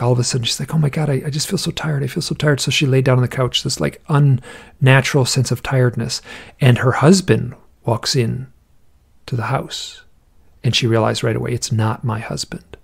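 Gravelly-voiced man telling stories casually. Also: medium pitch. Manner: rambling, restarts often, acts out quoted voices. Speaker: podcast guest, author on owls and UFOs. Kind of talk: casual interview storytelling.

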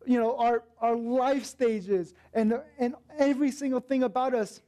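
Young male minister, high voice, storytelling sermon with animated quotes. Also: a little slow. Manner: storytelling with lively acted quotes. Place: church.

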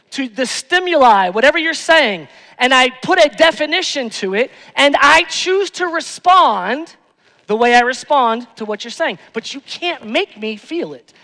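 Man, pastor preaching, very high voice, repeats lines for emphasis, long church reverb. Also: bright, forceful tone. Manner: emphatic, repeats phrases, rhetorical questions. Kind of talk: sermon. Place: church sanctuary.

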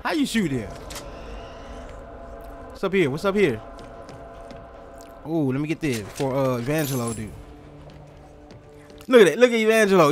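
A man giving funny gameplay commentary, excitable and slangy, reacting to the game with jumpy exclamations. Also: on the high side, moderate pace, long pauses, soft background music. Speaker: gaming commentator. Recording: game gunfire noise behind the voice.

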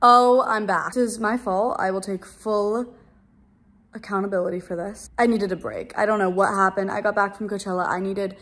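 A woman's voice: medium pitch, fairly even intonation, moderate pace, fairly bright tone. Young woman vlogger, mid-range voice, casual rambling chat, echoey apartment room. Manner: chatty, rambling, lots of "like". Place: her apartment. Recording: roomy echo.

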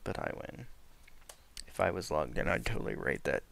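Excitable gravelly gaming host. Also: male voice, low voice, normal speed, dry recording. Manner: excitable, yelps and laughs at the action. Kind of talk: let's play commentary.

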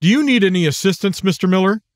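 A man voicing a polite but stern male highway patrolman, formal and clipped. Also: lively intonation, quick pace, no echo, clean studio sound.

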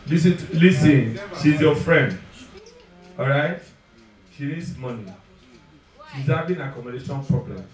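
A man with a Nigerian accent doing live stand-up and crowd work, loud and teasing, slipping into pidgin as he talks straight to the audience. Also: a little high, a little slow, long pauses, distant mic, music in the background. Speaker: stand-up comedian. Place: live comedy venue. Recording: echoey venue, mic heard from afar, crowd noise. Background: audience laughing.

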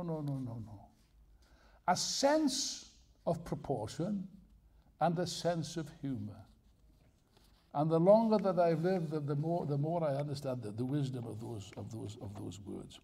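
Gravelly older man lecturing with wry humor. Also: on the high side. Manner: humorous, digressive, emphatic. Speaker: speaker at a political festival. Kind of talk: live lecture to an audience.

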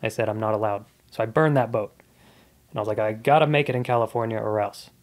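A man's voice: fairly low pitch, quick pace. A man in his thirties, a comedian guest on a podcast, telling his life story in a casual, earnest and reflective way.

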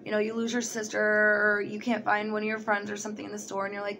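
Animated young woman telling a story. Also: mid-range voice, fast talker, creaky, few pauses. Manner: animated, swearing, acts out quoted voices. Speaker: vlogger. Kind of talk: casual storytelling.

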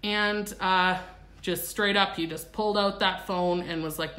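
A woman hosting a live stream, giving advice to fellow groomers in a brisk, matter-of-fact way. Her mid-range voice sits in an echoey room. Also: medium pitch, steady tone, a bit bright. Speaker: host, pet groomer. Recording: roomy echo.

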